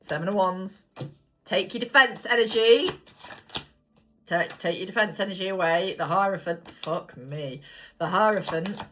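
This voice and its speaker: A woman's voice: medium pitch, measured pace, a bit bright, slight background noise. A woman giving a casual tarot reading to viewers, chatty and blunt, swearing freely as she draws cards. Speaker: tarot reader.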